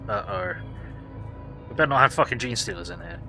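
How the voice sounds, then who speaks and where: A man's voice: mid-range voice, sing-song, brisk. A man hosting a let's play, reading game text aloud and commenting in a casual, sardonic way with frequent swearing. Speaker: gaming host. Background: game music.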